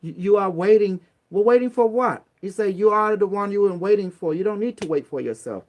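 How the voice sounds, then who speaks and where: This Cambodian man hosts online talks, preaching streetwise advice in a casual, blunt, motivational style. He drops in small acted-out quotes for emphasis, and his voice is fairly high for a man. His delivery is expressive and brisk.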